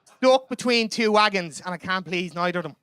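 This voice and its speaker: A man's voice: sits high, fairly quick, pushed and bright, clear, resonant tone, no echo. A young Irish man doing a chatty, self-mocking stand-up comedy set in a club. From Ireland.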